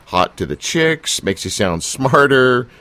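A man's voice: medium pitch, big pitch swings, slow, bright, forceful tone, no echo. A man hosting a casual interview, teasing his guest in a jokey, rambling way with plenty of fillers. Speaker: interviewer and show host.

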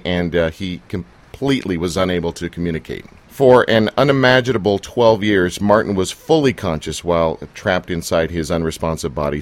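A man with a fairly low voice hosts a casual, joking interview. He rambles, teases his guest and pads his questions with fillers and asides. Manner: jokey, teasing, with fillers and laughs. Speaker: interviewer and show host.

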